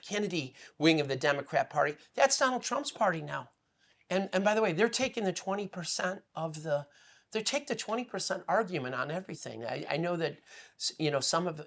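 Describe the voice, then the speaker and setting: A man speaking as a guest on a political talk show, emotional and rambling, swinging between loud outbursts and hushed asides. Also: high-pitched, gravelly. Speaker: guest commentator. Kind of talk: impassioned political commentary.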